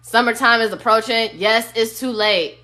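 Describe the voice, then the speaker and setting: Woman, tarot reader, blunt casual talk, sings snatches of songs, phone live stream, higher voice. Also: moderate pace, bright, forceful tone.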